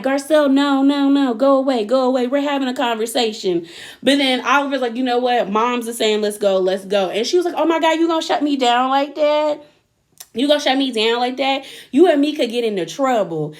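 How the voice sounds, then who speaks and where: A woman, chattily recapping a reality show and acting out the cast's lines. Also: fairly high pitch. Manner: chatty, animated, acts out quotes with laughs. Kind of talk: casual recap commentary.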